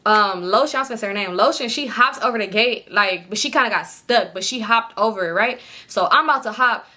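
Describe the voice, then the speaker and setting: A young woman telling a storytime story in a casual, animated way, swearing freely and acting out quotes in a higher voice. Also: brisk. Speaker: storytime vlogger.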